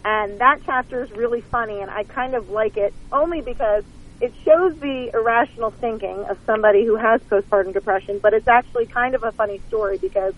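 Woman guest calling in by phone: a candid, self-mocking storyteller with a slightly high voice, slightly muffled sound. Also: fairly quick. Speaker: author and guest. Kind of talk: phone-in interview, casual storytelling. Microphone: phone line.

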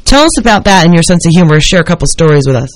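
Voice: mid-range voice, big pitch swings, rapid-fire, dry recording. Host interviewing a phone guest: rambling, encouraging, many fillers, mid-range voice, dry studio sound. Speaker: radio talk show host.

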